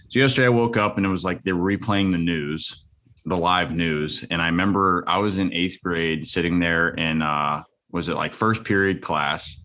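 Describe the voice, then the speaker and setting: Deep-voiced man telling a personal story. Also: a bit bright. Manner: earnest, reflective, loose with many fillers.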